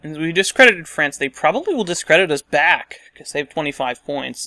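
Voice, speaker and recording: A man's voice: a little high, big pitch swings, a little fast, few pauses, sharp tone, dry recording. A man casually commenting on a strategy game as he plays, thinking aloud and muttering asides to himself. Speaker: let's play host.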